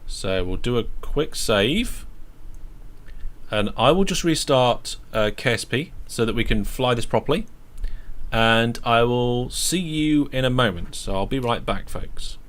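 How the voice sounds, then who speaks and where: A man's voice: mid-range voice, expressive, measured pace, a bit bright. A British man casually commentating his own game on a live stream, chatty and talking through each step as he plays.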